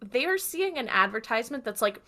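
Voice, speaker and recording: Woman, podcast co-host, casual recap, bright voice, acts out quotes. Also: on the high side, very animated, a little fast. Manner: chatty storyteller, acts out quotes.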